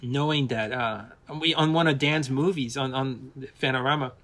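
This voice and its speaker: A man's voice: mid-range voice, normal speed, fairly bright tone. A man working in animation and visual effects, a guest telling casual stories with many restarts. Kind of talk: casual anecdotal interview.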